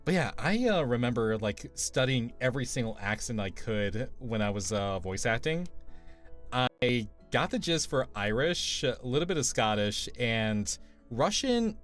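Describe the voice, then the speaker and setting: A laid-back man chatting on a live stream, talking in a loose, hesitant way. His pitch moves a lot, and faint music plays behind him. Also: big pitch swings, measured pace, fairly bright tone. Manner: laid-back, hesitant with fillers, laughs easily. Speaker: streamer co-host. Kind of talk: casual chat.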